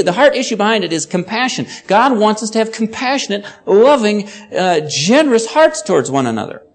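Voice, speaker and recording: A man preaching, explaining a passage of scripture and reading it aloud with rising emphasis. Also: high-pitched. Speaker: pastor. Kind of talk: sermon.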